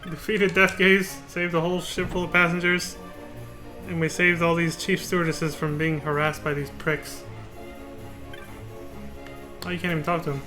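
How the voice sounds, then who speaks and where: A man's voice: fairly high pitch, little pitch movement, normal speed, pauses often, over music. A man streaming a video game live, chatting casually and cursing often. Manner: casual, profane, laughs often.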